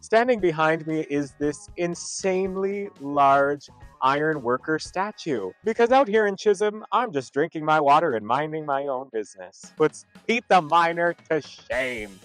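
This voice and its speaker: A man hosting a comedic travel vlog outdoors at roadside attractions, talking in a campy, playful way full of puns and quick asides. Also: a little high, lively intonation, soft background music.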